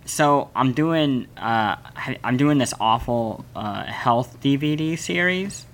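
A man in his twenties co-hosting a casual comedic podcast, talking with wry, deadpan-ish delivery. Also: mid-range voice, takes it slowly. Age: 20s. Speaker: podcast co-host.

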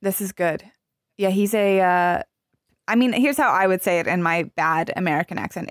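A woman in a mid-range voice chats enthusiastically on a podcast. Her asides are animated, and her voice sounds close and dry with no room around it. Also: lowish voice, normal speed, no echo. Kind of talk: casual chat.

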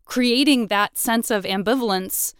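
A woman's voice: a little high, measured pace, clear, resonant tone, no room sound, studio quality. A woman hosting a podcast, chatting casually, thinking aloud and laughing often. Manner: slips into playful voices for imagined speech. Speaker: podcast host. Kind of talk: casual interview chat.

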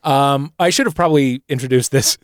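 A man's voice: a little fast, no echo, clean studio sound. A man hosting a comedy podcast game show, playfully quizzing and teasing the contestants. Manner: playful, teasing quizmaster, lively pitch.

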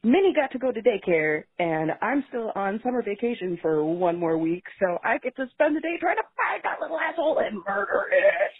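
Husky woman caller on a tinny phone line. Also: medium pitch, brisk, few pauses, no room sound. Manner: profane, expressive storytelling. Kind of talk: casual phone-in story.

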